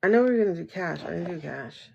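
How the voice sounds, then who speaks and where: A woman's voice: fairly low pitch, animated, fast talker, gravelly, mellow, slightly rough, lo-fi sound. A woman hosting a casual tarot livestream from home, rambling and chatty, laughing often as she talks to viewers through her phone.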